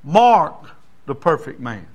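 A high-pitched man with a drawl preaching from the pulpit. He tells folksy stories and reads scripture, then swells into fervent shouting. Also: very animated, slow pace. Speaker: pastor. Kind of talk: sermon.

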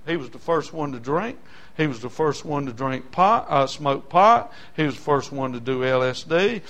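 An older man preaching with a drawl, his voice sitting a little high for a man. He tells stories quietly, then rises into fervent, shouting appeals to the congregation. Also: expressive, normal speed. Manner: impassioned, swings from hushed to shouting. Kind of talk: sermon.

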